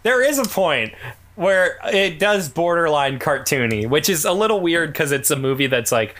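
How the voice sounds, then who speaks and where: Bright-voiced man chiming in. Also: a little high, lively intonation, normal speed. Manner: chiming in with short agreements and joking asides. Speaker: podcast co-host. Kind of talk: casual movie recap chat.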